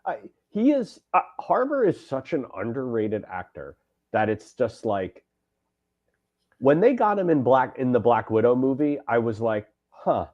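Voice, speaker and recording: A man co-hosting a casual podcast, hesitant and halting, stumbling over his words before getting carried away with enthusiasm. His pitch sits in the middle range. The audio is slightly dull and lo-fi. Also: sing-song. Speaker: podcast co-host. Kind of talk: casual chat.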